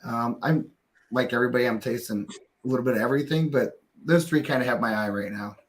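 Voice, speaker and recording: A man with a mid-range voice chats easily as one of several panelists. He thinks out loud and pads his points with fillers and small restarts. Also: medium pitch, fast talker. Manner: easygoing, thinks aloud with fillers. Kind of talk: casual group chat.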